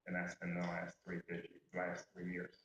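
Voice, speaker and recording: A man delivering a folksy, candid eulogy at a memorial service, speaking directly to the mourners. His voice sits a little low. The sound is heavily echoey and distant, as if he were picked up from across a large room with faint noise underneath. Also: monotone, moderate pace, fairly bright tone, dull audio. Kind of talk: personal eulogy with humorous stories.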